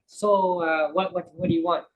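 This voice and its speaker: A man's voice: high voice, flat delivery, moderate pace, a little hiss or hum, lightly acted, low-quality recording. A man voicing a fussy middle-aged woman running a diner counter, chattering in broken English. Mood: chirpy insistent.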